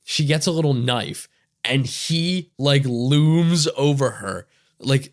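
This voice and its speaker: A man's voice: fairly high pitch, big pitch swings, a little slow. A man co-hosting a podcast, ranting in casual chat about a movie and swearing a lot. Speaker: podcast co-host. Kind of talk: casual film review chat.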